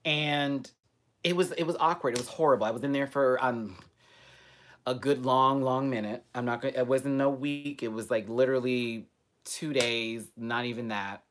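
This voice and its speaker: A man vlogging live to his viewers, telling a personal story in an outspoken way with lots of swearing. He talks straight to the audience, swinging from loud emphasis to quiet asides. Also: mid-range voice, steady tone, moderate pace, a little hiss or hum. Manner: frequent profanity and direct address to viewers. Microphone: webcam or computer mic on a live stream.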